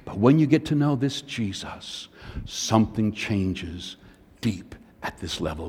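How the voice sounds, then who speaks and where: A man's voice: fairly low pitch, lively intonation, unhurried, darkish tone, breathy edge. An older man preaching a sermon, a conversational pastor who tells personal family stories to make his points. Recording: long hall reverb.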